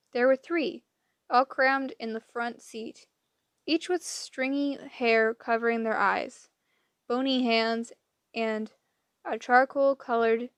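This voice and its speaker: A woman narrates an audiobook in first person with a wry storytelling touch. She reads slowly in a slightly high voice, recorded close and dry. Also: no room sound. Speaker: audiobook reader.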